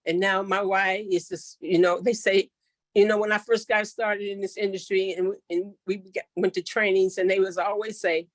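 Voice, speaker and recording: A middle-aged woman speaking earnestly and with feeling, sharing a personal testimonial on a group call. Her voice is medium pitched and sounds dry and close, with little room sound. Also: little pitch movement, moderate pace, dry recording. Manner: earnest, heartfelt, many fillers. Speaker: network marketing member sharing her story.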